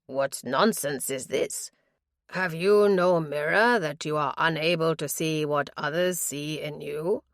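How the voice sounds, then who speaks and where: A woman voicing a charming male trawler skipper with a faint Norwegian accent, speaking low, slow and passionate. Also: dry recording, studio quality. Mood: smooth, earnest.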